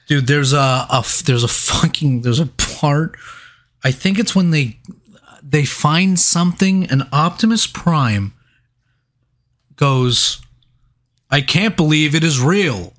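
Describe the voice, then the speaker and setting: A man's voice: a little high, animated, slow pace, pauses often, a bit bright. Rambling, swearing guy reviewing a movie. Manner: rambling, swears a lot, laughs often. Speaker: podcast co-host. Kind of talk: casual movie review chat.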